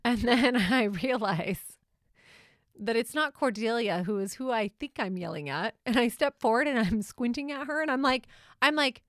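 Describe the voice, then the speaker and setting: A middle-aged woman, a mother co-hosting a podcast, chats casually while telling family stories, laughing often and acting out quotes. Her voice is on the high side and expressive, at normal speed. The studio sound is clean with no echo.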